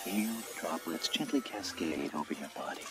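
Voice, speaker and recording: A deep, soothing cartoon relaxation-tape narrator. He speaks slowly and softly. Gentle music lies under him. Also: animated. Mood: calm. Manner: slow, hushed and soothing.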